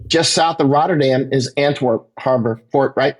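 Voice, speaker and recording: A man, a war correspondent, giving an emphatic interview monologue that climbs higher in pitch as he gets worked up, with frequent "right?" tags. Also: moderate pace.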